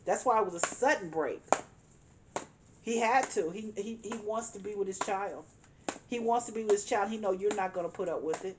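A woman's voice: mid-range voice, normal speed, noisy background. A woman tarot reader talking straight to the listener, emphatic and repeating her points as she reads the cards. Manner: emphatic, repeats phrases, addresses the listener directly. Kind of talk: tarot reading monologue.

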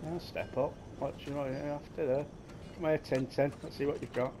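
Crude joking gamer. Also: male voice, fairly high pitch, fairly even intonation, normal speed, background noise. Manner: crude, swearing, jokey banter at game characters. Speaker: gameplay commentator. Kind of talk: casual gameplay commentary.

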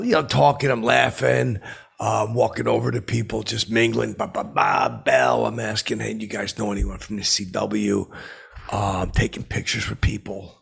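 A man telling a rambling comic anecdote, halting and full of fillers, with blustering asides. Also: lowish voice, gravelly, a bit bright, breathy edge. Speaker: storyteller.

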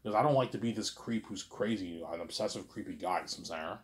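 A man's voice: fairly low pitch, a little fast. A man rambling in a casual monologue to camera, stumbling over his words, swearing freely, and leaning on the same filler phrases again and again. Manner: repeats "obviously" and "you know what I'm saying", stumbling restarts, crude slang. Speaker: vlog host talking to camera.

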